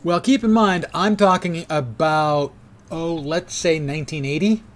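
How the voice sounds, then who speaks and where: A man's voice: on the high side, measured pace. A man in his sixties streaming a game and chatting casually, with dry, self-mocking asides. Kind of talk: casual live gameplay chat.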